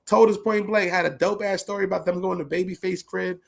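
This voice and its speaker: A man hosting a podcast, telling stories in an animated, slangy, profane way. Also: high voice, fairly quick, gravelly. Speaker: podcast host. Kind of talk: casual reminiscing monologue.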